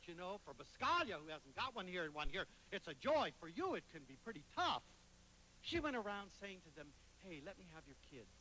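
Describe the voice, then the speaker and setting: A man giving a motivational lecture, telling anecdotes dramatically with sudden swings between loud and soft. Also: high-pitched, a little hiss or hum, rough recording. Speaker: motivational speaker.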